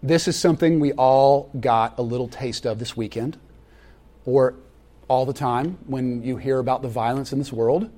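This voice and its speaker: A man preaching a sermon, animated and conversational, acting out quoted voices and laughing often. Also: mid-range voice. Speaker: pastor.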